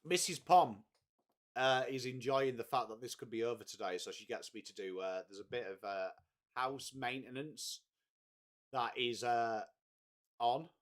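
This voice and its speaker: Sweary stream host. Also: male voice, mid-range voice, a little slow. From England. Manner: chatty, swears freely, greets viewers by name. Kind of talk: casual live watchalong chat.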